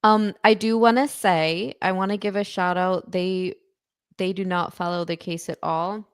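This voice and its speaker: A woman guest on a casual livestream chat, talking in quick, hesitant bursts. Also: fairly low pitch, fairly even intonation, clean tone, no echo, clean studio sound. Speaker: guest commentator.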